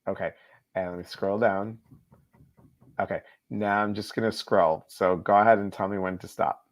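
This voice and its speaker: A man's voice: on the low side, steady tone, moderate pace. A man hosting a casual live-stream chat, reading viewers' comments aloud and answering them. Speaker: host. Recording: slightly dull lo-fi stream audio.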